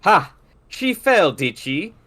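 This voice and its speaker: A man's voice: sits high, very animated, slow pace, a bit bright, pitched above the performer's own voice, heavily acted. A man doing a smug mad scientist. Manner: smug, clipped, condescending.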